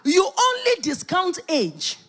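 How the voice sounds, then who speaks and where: Middle-aged woman pastor, lively swooping pitch, emphatic sermon delivery. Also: slow. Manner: animated, emphatic preaching with playful asides.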